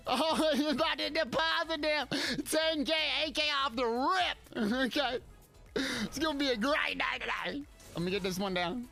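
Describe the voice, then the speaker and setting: A young man streaming a player-versus-player online game, chatting with viewers and shouting excitedly during fights. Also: extremely high pitch, measured pace, creaky, soft background music. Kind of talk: live gameplay commentary.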